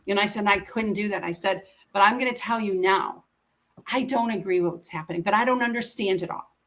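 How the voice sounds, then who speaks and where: Middle-aged woman guest, bright voice, heartfelt and earnest, retells conversations. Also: medium pitch, a little fast. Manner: earnest, emotional, quotes others in conversation. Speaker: interview guest. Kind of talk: personal storytelling.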